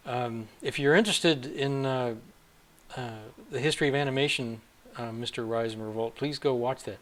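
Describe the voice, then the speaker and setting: A man hosting a live stream, talking casually with many halting fillers. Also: medium pitch. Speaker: livestream host.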